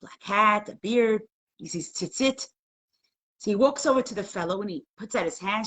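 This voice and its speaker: A woman teaching a live class, telling a story with animation and a chatty, conversational ease. Her pitch sits in the middle range. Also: normal speed. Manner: animated, conversational, acts out quotes.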